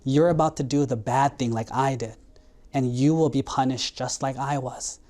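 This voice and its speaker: A monk voicing a talking goat in a storytelling sermon, low and earnest as it recounts its past lives. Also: male voice, steady tone, moderate pace, darkish tone, close to an everyday voice. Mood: sorrowful. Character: wise talking goat, old soul, sorrowful.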